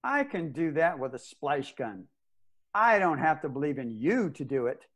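A man's voice: on the high side, sing-song, moderate pace, fairly bright tone. An actor playing a stubborn old space ranger who narrates his own story in an audio drama, blunt and plainspoken. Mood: defiant. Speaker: narrator and lead character.

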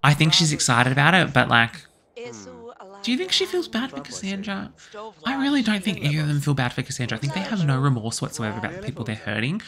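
A young man chatting excitedly through a life-sim game as host, gossiping about the drama. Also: a little high, quick pace, a crowd in the background. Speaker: let's play host. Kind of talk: gameplay commentary.

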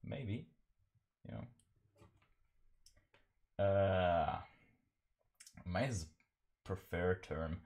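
Low, slow, gravelly-voiced man streaming. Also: lively intonation, a little mellow. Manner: rambling, self-deprecating, laughs often. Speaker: streamer painting live. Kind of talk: casual live-stream chat.

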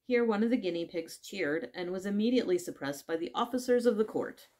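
A woman reading a classic children's story aloud in measured narration. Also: medium pitch, expressive, darkish tone. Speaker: audiobook reader.

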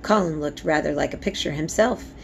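A woman reads a novel aloud in a low, gravelly voice. She stumbles over a word now and then and corrects herself. A faint hiss sits under the recording. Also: a little fast. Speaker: reader.

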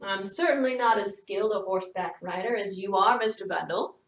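A woman voicing a courteous, flattering gentleman in a read-aloud storybook, speaking a little louder than her narration. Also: mid-range voice, a little fast, close to an everyday voice. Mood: courtly. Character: charming, smooth-talking gentleman violinist. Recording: echoey room, distant mic.

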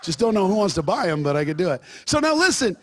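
Man, pastor, sermon, high-pitched, joking then emphatic. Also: very animated, fast, fairly bright tone.

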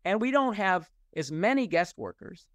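High-voiced man, dry and close. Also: animated, moderate pace, a bit bright, no room sound. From United States. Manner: thoughtful, many restarts and fillers. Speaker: interview guest, professor. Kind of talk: conversational interview.

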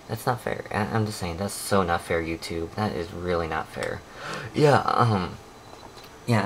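Rambling man vlogging on noisy camera audio. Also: low voice. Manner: rambling, talks to camera, drifts between mumbling and excited outbursts. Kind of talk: casual vlog chat. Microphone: handheld camera.

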